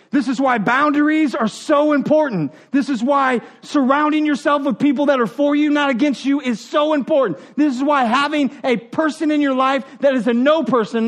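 This preacher's pitch is extremely high. Leading his congregation as pastor, he's jokey and animated, acting out quoted speech and laughing with the crowd.

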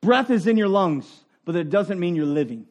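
High-voiced man preaching a sermon. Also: expressive, normal speed. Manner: earnest, conversational preaching with quiet asides and emphatic rises. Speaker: pastor.

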